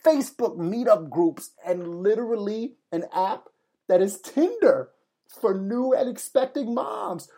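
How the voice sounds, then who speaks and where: A man's voice: high voice, animated, measured pace, mellow. A young man hosting his own podcast as a new father, talking in a chatty, self-deprecating way with some casual swearing. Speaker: podcast host. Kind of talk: casual solo podcast monologue.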